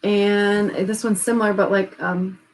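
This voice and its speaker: A woman co-hosting a live stream, chatting casually and gushing with excitement as she unboxes gifts, laughing often. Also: medium pitch, unhurried, rough recording.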